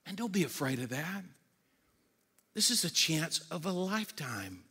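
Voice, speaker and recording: In a big-room setting, a man preaches as a pastor in a husky voice, a little on the slow side. His sermon is energetic and conversational, with humorous asides and stammered restarts, and he goes low and quiet when making serious points.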